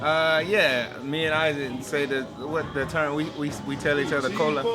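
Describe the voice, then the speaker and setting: A man's voice: a little high, flat delivery, normal speed, music in the background. A man joking and teasing through a casual interview. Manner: jokey, teasing. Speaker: camp member.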